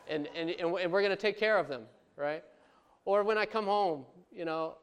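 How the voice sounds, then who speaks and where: A man's voice: a little high, unhurried, pauses often, smooth. A man in his thirties preaching a sermon as a pastor, in a conversational way full of asides. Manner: conversational, many asides and fillers.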